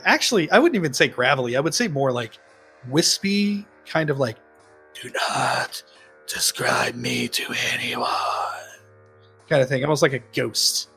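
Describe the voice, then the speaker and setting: A man's voice: medium pitch, expressive, moderate pace, a bit bright, slightly rough, soft background music. A man co-hosting a podcast, casually retelling a horror film plot with lots of ums and laughs. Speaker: podcast co-host. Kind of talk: casual film-review chat.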